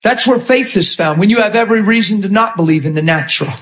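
A man preaching a sermon with impassioned storytelling, acting out scenes and often shouting. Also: sits high, fast talker.

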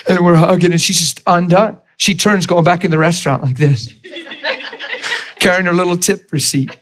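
A man's voice: high-pitched, fairly even intonation, normal speed, rough recording. A middle-aged male preacher delivering a sermon, telling stories and acting out the dialogue in them. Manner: storytelling, acts out dialogue with shifts in loudness.

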